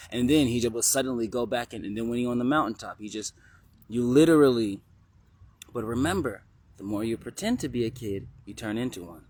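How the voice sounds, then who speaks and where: A man giving a rambling spiritual teaching monologue that drifts into slow, chanted lists. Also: medium pitch, darkish tone, breathy edge.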